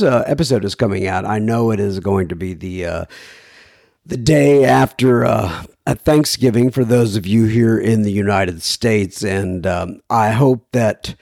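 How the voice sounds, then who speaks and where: Man, hoarse voice, podcast host, casual recovery talk, folksy asides, average pitch. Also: a little mellow, dry recording, studio quality. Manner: rambling, self-deprecating, folksy asides. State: hoarse, sick voice.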